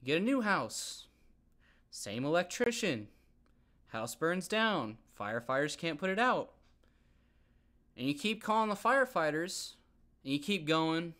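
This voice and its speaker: A young man hosting a podcast, ranting heatedly about basketball in a casual, animated way and often repeating himself. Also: a little high, measured pace, pauses often. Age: young adult. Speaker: podcast host. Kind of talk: casual sports rant.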